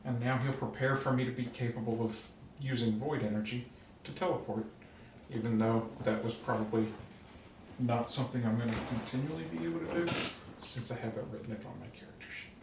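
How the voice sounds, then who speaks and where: A man playing in a tabletop game, explaining his character's move in a relaxed, amused way. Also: mid-range voice, brisk, recorded from a distance. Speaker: player. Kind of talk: casual chat at a game table. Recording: roomy sound from off-mic, faint hiss.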